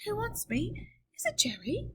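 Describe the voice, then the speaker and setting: A woman voicing a mild, nervous gentleman passenger who speaks with a soft, quavering voice. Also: very high voice, huge pitch swings, normal speed, pitched above the performer's own voice, full character voice.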